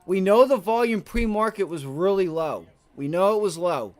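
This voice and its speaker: A man's voice: high-pitched, expressive, normal speed. A man streaming live day trades, venting with profanity and repeating himself in short bursts as he watches the chart. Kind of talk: live trading commentary.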